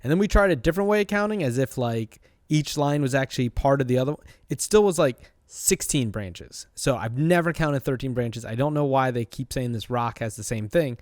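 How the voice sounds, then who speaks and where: A man recapping a show in a loose, rambling chat, full of "uh" and "um". His pitch sits in the middle for a man. The sound is close and dry, with no room echo. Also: expressive, a little fast, few pauses, darkish tone. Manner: chatty, rambling, with many fillers. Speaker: host. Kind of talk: casual episode recap.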